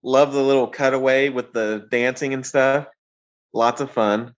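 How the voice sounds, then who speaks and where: Man, podcast guest, enthusiastic, plain-spoken, mid pitch. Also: steady tone, unhurried, highs cut off. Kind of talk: casual movie review chat.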